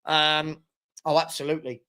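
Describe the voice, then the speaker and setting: A man's voice: fairly high pitch, flat delivery, moderate pace, sharp tone, clear, resonant tone. A young man chatting casually as host of a live football watchalong, reading out and answering viewer comments. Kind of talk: casual live-stream chat.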